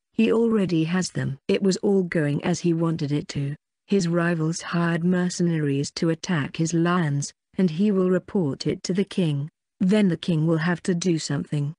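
A synthetic-sounding narrator reading a fantasy audiobook in the first person, in a flat, monotone way that spells out abbreviations letter by letter. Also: mid-range voice, no echo, clean studio sound.

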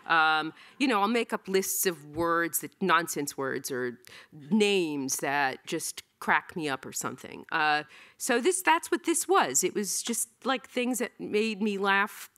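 A woman's voice: on the low side, lively intonation, unhurried, sharp tone. Chatty self-deprecating woman in her 60s. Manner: rambling, self-deprecating, many ums and restarts. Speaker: cartoonist giving an artist talk. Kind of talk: casual storytelling talk. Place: theatre stage.

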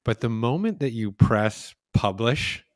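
A man in his fifties hosting a podcast interview, telling reflective stories in a casual, unhurried way. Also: medium pitch, animated, dry recording, clean studio sound. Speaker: podcast host.

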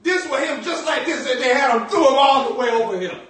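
High-voiced preacher in an echoey room. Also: male voice, brisk. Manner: animated, shouts and acts out scenes. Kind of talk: comedic sermon with acted bits.

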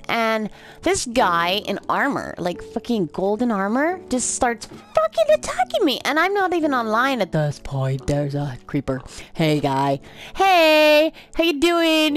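Drunk woman narrating her gameplay, loose and profane, easily amused, very animated pitch. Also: creaky. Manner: rambling, swears a lot, easily amused. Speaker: gameplay commentator. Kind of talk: rambling let's-play commentary.

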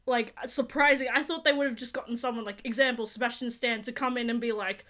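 A young woman hosting a casual review, rambling with lots of fillers and breaking into excited squeals. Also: on the high side, quick pace. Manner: gushing, rambling, full of fillers; bursts into squeals and laughs. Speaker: YouTube reaction host.

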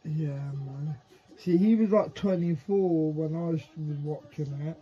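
A man giving casual, excitable reaction commentary to the screen, swearing freely. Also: fairly high pitch, measured pace, slightly rough, dull audio. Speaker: reaction video creator.

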